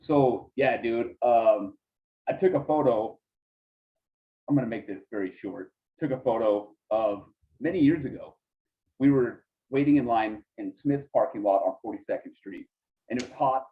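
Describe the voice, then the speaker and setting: A man guest on a podcast, telling stories in a lively, casual way. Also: medium pitch, moderate pace. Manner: animated storyteller, acts out voices in quotes. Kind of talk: casual storytelling. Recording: tinny phone-like line.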